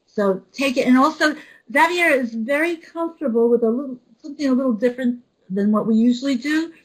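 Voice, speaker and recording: A woman hosting a webinar, telling a story in an animated way and quoting the people in it. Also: high-pitched, brisk, husky, low-quality recording. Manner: animated storyteller, quotes others. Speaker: webinar host. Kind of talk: storytelling introduction.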